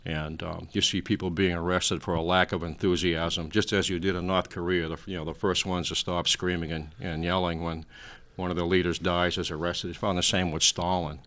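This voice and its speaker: A man's voice: sits low, flat delivery, brisk, few pauses, a bit bright. A man in his sixties, a talk show guest, lecturing at length in a rambling way with many fillers. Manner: frequent fillers, trailing off.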